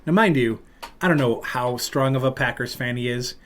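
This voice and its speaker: Animated male podcast host telling stories. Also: mid-range voice, moderate pace. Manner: animated, acts out loud quotes of other people. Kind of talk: casual storytelling chat.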